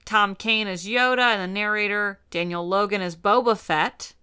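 A woman's voice: mid-range voice, normal speed, bright, forceful tone, smooth. A woman co-hosting a casual podcast, chatting and reading off a cast list. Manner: chatty, reads cast lists, bursts into silly voices. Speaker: podcast co-host. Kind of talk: casual chat.

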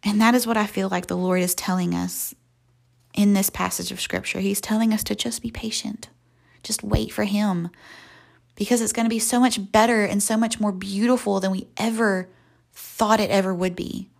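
A young woman hosting a devotional podcast, slowly and softly guiding a visualization, sometimes dropping to a whisper. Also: mid-range voice, fairly even intonation, gravelly. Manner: slow, soft and reflective, often near a whisper. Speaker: podcast host. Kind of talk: guided visualization and devotional talk.

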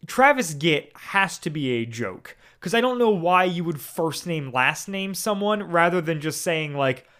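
A man with a slightly high voice talks through a story in loose, casual chat. He rambles with plenty of "like" and "you know", and drops into quick character voices for the quotes. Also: animated, a bit bright. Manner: rambling, filler-heavy, acts out quotes. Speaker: podcast co-host. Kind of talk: casual chat recapping a radio play.

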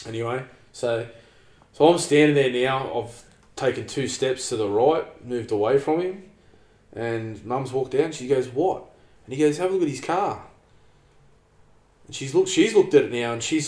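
Man, Australian accent, casual storytelling, rambling, sweary, mid-pitched voice, echoey room. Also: expressive, moderate pace, darkish tone.

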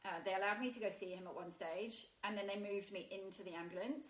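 A woman telling a painful personal story in a halting way, with many restarts and fillers. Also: medium pitch. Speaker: guest sharing a personal story. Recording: roomy echo.

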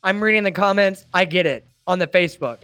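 A man's voice: sits high, a little fast, pushed and bright, smooth, no room sound, soft background music. A man hosting a casual live stream and reading viewer comments into a desk microphone, rambling and chatty, with laughs and restarts. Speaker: host and admin of a trucking group. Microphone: desktop microphone.

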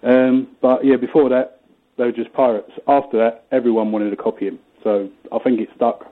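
Matey caller, phone-line sound. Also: male voice, medium pitch, moderate pace. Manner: relaxed, matey, hesitant. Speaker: radio caller. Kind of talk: casual chat.

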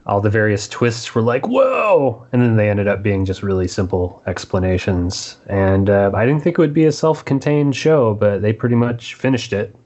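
A man with a fairly low voice talks as a guest on a casual podcast. He gives upbeat, easygoing summaries. His manner is relaxed and friendly. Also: moderate pace, hardly any pauses.

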